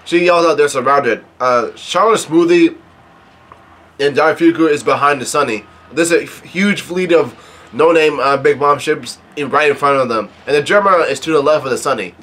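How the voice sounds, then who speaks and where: A man casually reading a comic chapter aloud, halting and often correcting himself. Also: fairly high pitch, fairly bright tone. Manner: halting, with many restarts and self-corrections. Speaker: manga reader and video host.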